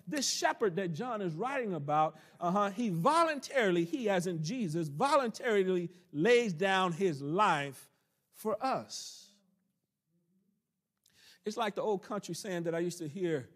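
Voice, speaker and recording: A man teaching a church Bible study in preaching style, stretching key phrases for emphasis and dropping in folksy country asides. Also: on the high side.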